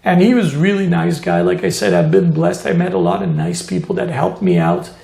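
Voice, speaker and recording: A man from Montreal, a tattoo artist telling stories in an interview, animated and full of "you know" fillers. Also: fairly high pitch, a little fast, gravelly, echoey room. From Montreal, Canada. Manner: animated, acts out quoted voices, many "you know" fillers. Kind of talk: storytelling interview.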